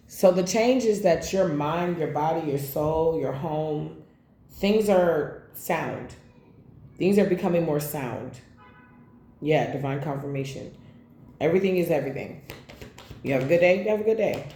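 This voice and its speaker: A woman reads tarot cards in a casual, blunt way, swearing freely as she calls out each card. Her voice is mellow and dark, mid-pitched, and sits in a roomy, echoey space. A faint hum of noise runs behind her. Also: normal speed. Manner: blunt and profane, calling out cards. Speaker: tarot reader.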